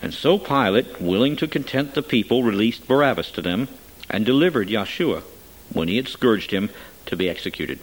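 A man reading scripture aloud in a measured, solemn way. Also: fairly low pitch, animated, low-quality recording. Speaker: scripture reader.

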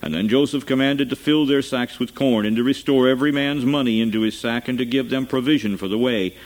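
A man's voice: mid-range voice, rough recording. Man reading scripture solemnly. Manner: solemn, measured delivery. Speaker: scripture reader.

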